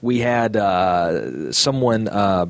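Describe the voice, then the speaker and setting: A man hosting a casual podcast chat, talking in a halting way with many fillers as he reads out listener comments. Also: on the low side, sing-song, vocal fry, no room sound. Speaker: podcast host.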